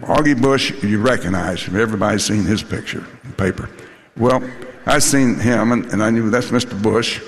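Gravelly older man telling a story. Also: lowish voice, normal speed, in a large hall. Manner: folksy, salty anecdotal storytelling with laughs and restarts. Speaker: former football coach telling stories. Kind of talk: storytelling to a live audience.

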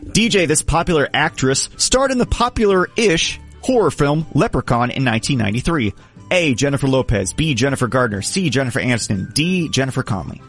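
A man's voice: mid-range voice, expressive, brisk, a bit bright, faint music behind. A man hosting a casual comedy quiz, playfully reading out questions and multiple-choice options. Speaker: game show host.

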